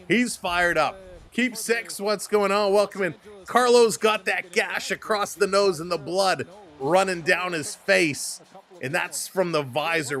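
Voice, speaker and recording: Canadian guy doing hockey play by play on a stream, kinda high voice, gets loud and fast on big plays. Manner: fast, excitable calls, greets chat viewers. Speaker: play-by-play host. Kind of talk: livestream sports commentary.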